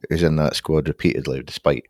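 Very deep-voiced man, thoughtful. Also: steady tone, brisk, a little mellow, no room sound, studio quality. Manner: thoughtful, hesitant with fillers. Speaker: podcast panelist. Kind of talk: casual podcast discussion.

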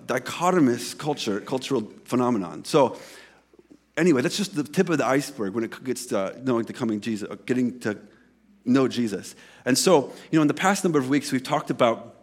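A man's voice: medium pitch, expressive, a little fast. A man, a pastor, preaching a sermon in a conversational way, telling a personal story and acting out bits of dialogue with frequent self-corrections.

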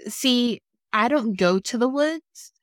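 A woman's voice: fairly high pitch, expressive, slow, no echo. A woman chatting casually as a podcast co-host, recapping a film with blunt, dry humor.

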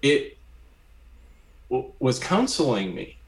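A man telling a personal story during a conversation, animated and often checking in with "right?". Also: mid-range voice, slow. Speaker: guest. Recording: roomy echo.

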